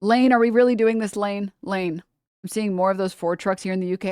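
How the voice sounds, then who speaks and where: Young woman streamer, casual animated rant, close dry mic. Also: mid-range voice, clear, resonant tone, no echo. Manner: animated ranting, swearing, quick asides. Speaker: livestream host. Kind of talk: casual chat.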